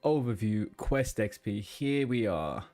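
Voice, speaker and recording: A man's voice: on the low side, expressive, slow pace, darkish tone, faint music behind. A man streaming a game, chatting casually and rambling between tasks, swearing now and then. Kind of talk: casual gaming chat.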